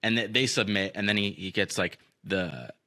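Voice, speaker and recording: Young man, deep voice, forceful, casual chat, swears a lot, many fillers. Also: normal speed, no room sound. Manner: profane, rambling with many fillers. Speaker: podcast host.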